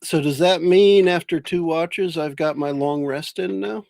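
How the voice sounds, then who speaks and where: A man's voice: on the high side, unhurried, gravelly, no echo. A man playing a tabletop game, joking around with the table. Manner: joking, lively. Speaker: player. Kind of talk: casual game chat.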